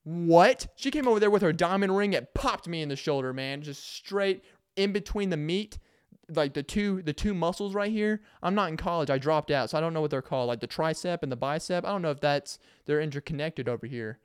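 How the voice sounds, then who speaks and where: A young man carries a casual comedic podcast monologue on his own. His voice sits a little high, with a smooth, clean tone and a dry, close sound. He rambles from one story to the next and acts out quotes along the way. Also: a little fast, no room sound. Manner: rambling, animated storytelling with laughs and put-on quotes. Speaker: podcast host.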